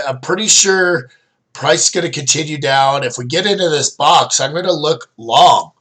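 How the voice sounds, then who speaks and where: Bright-voiced man coaching forex trades. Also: medium pitch. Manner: loose, rambling, many fillers and restarts. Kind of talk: casual screen-share chart review.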